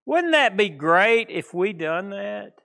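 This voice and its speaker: A man's voice: high voice, very animated, takes it slowly, gravelly, bright, forceful tone. A man with an East Texas accent, preaching an informal sermon in a plainspoken, folksy, rambling way. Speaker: pastor.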